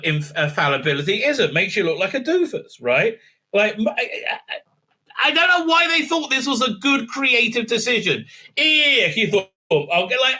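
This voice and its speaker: Scornful bright-voiced man reviewing. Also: extremely high pitch. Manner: scornful, mocking, lots of fillers and restarts. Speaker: TV show reviewer. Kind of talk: casual video review commentary.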